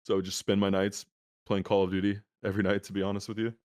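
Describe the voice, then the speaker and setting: A young man speaks as an interview guest, easygoing and full of filler words. His voice sits very low and has a smooth, resonant tone. The sound is dry and comes over a video call that sometimes stutters. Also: fast, dry recording. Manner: relaxed, many filler words like "um" and "like". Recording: laggy internet call audio.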